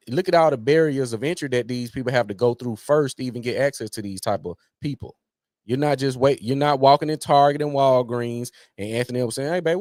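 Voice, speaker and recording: A man in casual podcast chat, animated and emphatic, repeating his points for effect. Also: mid-range voice, dry recording, clean studio sound. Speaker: podcast co-host.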